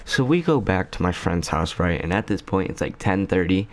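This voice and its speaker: A man with a very low voice spins a casual storytime for his channel. He rambles along loosely, leaning on slang and filler words as he goes. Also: animated, moderate pace, a little hiss or hum. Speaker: YouTuber.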